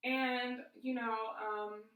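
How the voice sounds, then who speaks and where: A woman's voice: fairly high pitch, flat delivery, very slow, fairly bright tone, distant mic. Emotional young woman in echoey room. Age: 20s. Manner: candid, emotional, many fillers. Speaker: YouTube vlogger. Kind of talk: personal storytelling vlog.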